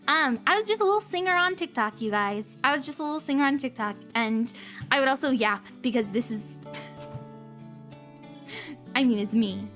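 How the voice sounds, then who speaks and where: A woman with a high, light voice talks casually to her stream audience. She gushes and giggles, her voice wobbling as if close to tears. Soft music plays faintly behind her. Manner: gushing, emotional, giggly. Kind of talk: casual livestream chat.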